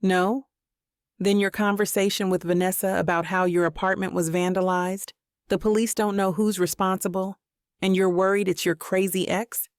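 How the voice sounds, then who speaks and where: A woman's voice: mid-range voice, normal speed, clean tone, no room sound, studio quality, close to an everyday voice. A woman narrator voicing a blunt, matter-of-fact young man in an audiobook. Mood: accusing. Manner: flat, blunt delivery.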